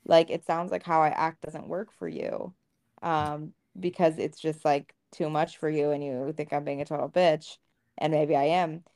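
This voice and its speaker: A woman's voice: sits low, moderate pace. Candid, swearing woman podcast co-host. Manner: candid, swears freely, animated retelling. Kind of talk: casual podcast conversation.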